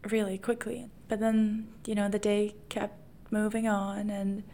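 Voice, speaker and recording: A woman's voice: mid-range voice, little pitch movement, a little slow, mellow. A woman in her twenties hosting a podcast, telling a personal story in a candid, emotional way with many fillers. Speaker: podcast host. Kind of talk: personal monologue.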